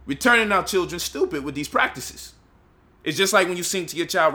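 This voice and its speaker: A man's voice: high-pitched, animated, fairly quick, pushed and bright. A man giving an impassioned lecture, firing rhetorical questions and mocking the voices he quotes. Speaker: speaker leading a discussion.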